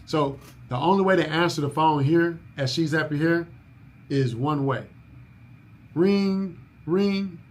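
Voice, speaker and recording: Leading an orientation for new hires, this business owner takes a coaching approach, going over key points again and asking whether people are keeping up. He speaks at a moderate pace in a fairly high voice.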